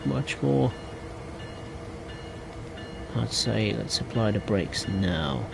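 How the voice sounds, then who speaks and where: A man streaming a train simulator game live, chatting in a relaxed way and thinking aloud as he drives. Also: on the low side, extremely slow, vocal fry, music in the background. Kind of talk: live gameplay commentary. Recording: game train noise behind.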